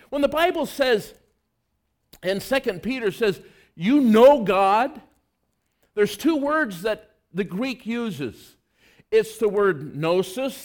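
High-voiced, earnest male preacher. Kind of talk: sermon.

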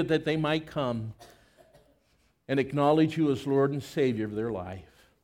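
A man preaching at a church service, telling a personal story dramatically and acting out the scenes before praying. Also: a little high. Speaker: pastor. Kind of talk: storytelling sermon.

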